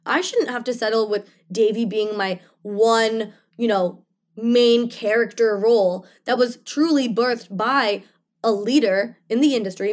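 A young woman, an actress, speaking passionately in an interview, emphatic and full of "like" and "you know". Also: fairly high pitch. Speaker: actress guest. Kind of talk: interview conversation.

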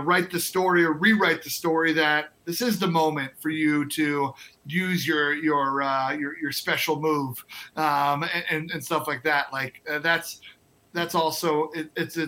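A man with a slightly high, bright and forceful voice chats casually as a podcast co-host. He talks in halting stretches full of fillers and restarts. He breaks into laughter easily. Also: steady tone, a little hiss or hum. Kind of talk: casual chat.

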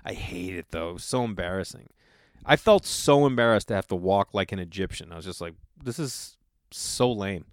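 A comedian in his thirties hosts his own podcast, telling loose, profane stories in a casual monologue and acting out the people he quotes. His voice is low and a little fast, recorded with clean studio sound and no room echo.

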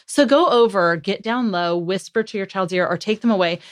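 Earnest woman explaining with animated restarts. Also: medium pitch, fairly quick, no room sound, clean studio sound. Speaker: parenting author and guest. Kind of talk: conversational interview.

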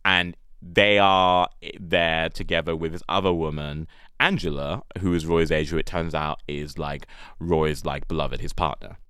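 A man's voice: extremely low pitch, fairly even intonation, measured pace, a bit bright, clear, resonant tone, dry recording, studio quality. A young man with an English accent telling a personal story in a chatty, amused way, full of fillers. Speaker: guest storyteller.

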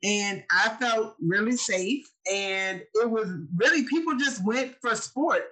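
A woman's voice: fairly high pitch, takes it slowly, a bit bright, low-quality recording. A woman co-hosting a casual chat, telling stories in an earnest, emotional way. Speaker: co-host.

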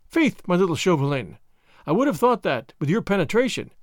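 A man's voice: high-pitched, very animated, a little fast, no room sound, clean studio sound. A man reading an audiobook, voicing a witty, bored young French noblewoman with a merry, teasing manner. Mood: arch, merry. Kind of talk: audiobook character voice.

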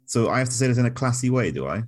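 A young man co-hosting a casual comedy podcast, reading silly sponsor ads in a dry, deadpan way. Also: mid-range voice, rapid-fire. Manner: dry, deadpan delivery of mock ad reads. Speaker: podcast co-host.

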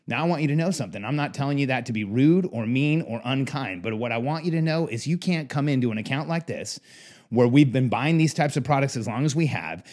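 Brief: a man doing a big blunt Southern buyer with a loose put-on Southern US accent, slow and lecturing, mid-pitched. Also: expressive, darkish tone, natural voice. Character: booming blunt Southern male buyer, imposing.

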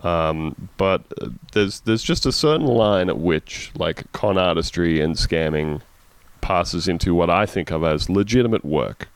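A man hosting a casual comedy podcast, wry and deadpan, sounding tired. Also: low-pitched, a little slow, smooth, no echo. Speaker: podcast host.

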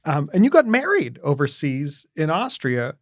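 A man interviewing a guest, asking questions in a conversational, halting way full of fillers. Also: a little high, huge pitch swings, dry recording, clean studio sound.

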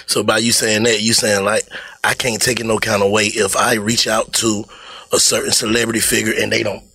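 A man's voice: lowish voice, flat delivery, fairly quick, sharp tone, husky, dry recording. A man in a casual podcast chat, asking blunt, curious questions and swearing casually.

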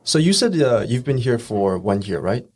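A man's voice: mid-range voice, very animated, moderate pace, darkish tone, breathy edge. A man interviewing a guest in English, asking curious questions and joking with her in a teasing way. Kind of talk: casual interview chat.

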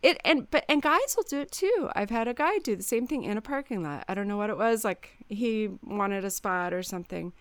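A woman's voice: mid-range voice, a little fast, few pauses, dry recording. A woman, a mother in her thirties, chatting casually and acting out quoted lines as she tells stories. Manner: animated storyteller, acts out quotes. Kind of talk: casual chat.

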